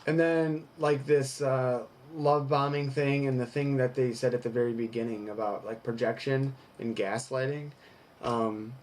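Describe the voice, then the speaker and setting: A man's voice: mid-range voice, fairly even intonation, a little slow, a little mellow, slight background noise. Frank man in a casual personal vlog. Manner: reads from an article, then rambles in frank reflection with profanity. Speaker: vlogger.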